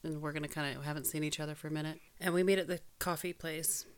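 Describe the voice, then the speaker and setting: A woman's voice: low voice, steady tone, fast talker, smooth. A woman in casual chat, telling a personal story earnestly and frankly, with casual swearing.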